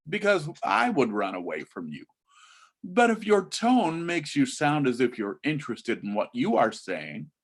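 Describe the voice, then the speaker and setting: A middle-aged man, a college admissions advisor, giving students practical interview advice, stretching out key words for emphasis. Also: mid-range voice. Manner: mimics bored and gushing teen voices. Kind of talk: instructional talk to students.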